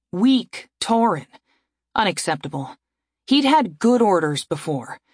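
A woman reading a fantasy story aloud in a measured, expressive narration. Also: medium pitch, no echo, clean studio sound. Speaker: audiobook narrator.

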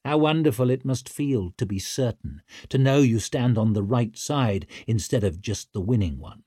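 A man narrating an audiobook in a measured, tense way. His voice is husky and mid-pitched, with a dry, close sound and no room around it. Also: warm tone, dry recording.

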